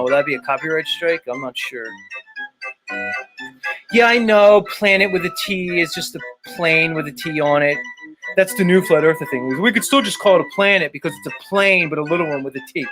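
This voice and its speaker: Over music, a male show host with a fairly high, lively voice speaks at normal speed. He rants on a livestream in a casual, sarcastic, mock-exasperated way, swearing often.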